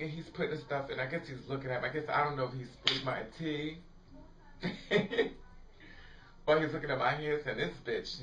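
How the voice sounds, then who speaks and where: A woman's voice: sits low, fairly bright tone, a little hiss or hum. A woman vlogger telling a story in casual chat to the camera, laughing often and swearing freely. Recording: roomy, distant, dull lo-fi sound.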